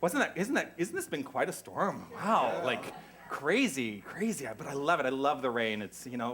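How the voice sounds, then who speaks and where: A man's voice: mid-range voice, very animated, moderate pace, fairly bright tone. A man from the United States welcoming a congregation as minister, chatty and effusive with rambling asides. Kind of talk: church service welcome.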